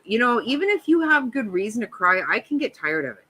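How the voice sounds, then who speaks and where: A woman's voice: on the high side, big pitch swings, brisk, bright, forceful tone, husky, poor audio. A woman in her fifties hosting a livestream, chatting casually with viewers and giving blunt, profane reactions to a trial. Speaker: livestream host.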